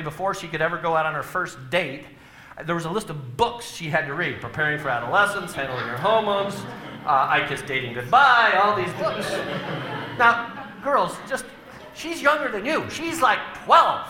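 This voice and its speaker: A man's voice: high-pitched, lively intonation, moderate pace, sharp tone. A middle-aged man speaking to a live audience, telling humorous family stories and acting out the scenes with big swings in his voice.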